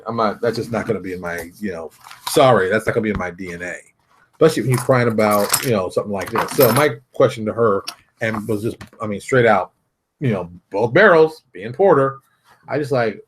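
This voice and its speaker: A middle-aged man hosting his own show from his home office, ranting bluntly and casually. His voice keeps jumping high and dropping low as he presses his points. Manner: blunt, animated ranting with big pitch jumps. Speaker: host. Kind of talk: casual solo vlog commentary.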